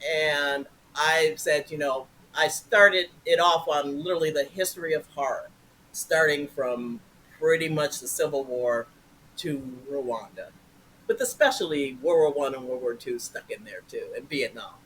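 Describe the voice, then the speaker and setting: A middle-aged woman, an improv performer, telling stories as a guest in a casual interview, animated and acting out quotes. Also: deep voice, a little slow, slight background noise, low-quality recording. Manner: animated, swings into loud acted-out quotes.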